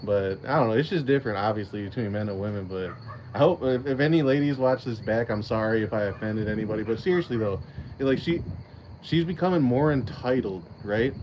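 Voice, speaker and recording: A man's voice: fairly low pitch, a little fast, darkish tone, lo-fi sound, a little hiss or hum. A man hosting his own channel, chatting casually and rambling through a story with lots of swearing, restarts and laughter. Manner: rambling, profane, laughs often. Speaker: channel host. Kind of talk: casual livestream chat.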